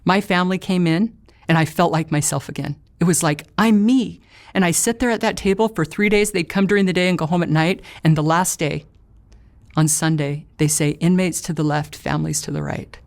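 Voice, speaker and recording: A woman's voice: on the low side, fairly even intonation, fairly quick. A middle-aged woman telling her personal story with earnest, emotional storytelling. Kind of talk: personal testimony.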